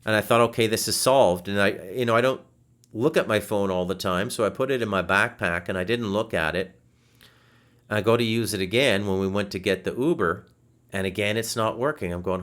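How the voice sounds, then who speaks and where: A man hosting a podcast over a video call, telling a frustrating story in a casual, animated way, swearing and restarting his sentences. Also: lowish voice, fairly quick. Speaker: podcast host. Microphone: video call setup.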